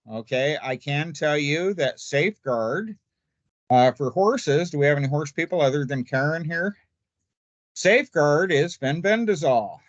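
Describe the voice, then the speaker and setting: A man's voice: a little high, no echo, lo-fi sound. An older man, a poultry expert, talking casually and folksily in a seminar, with an easygoing, jokey manner. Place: remote virtual seminar.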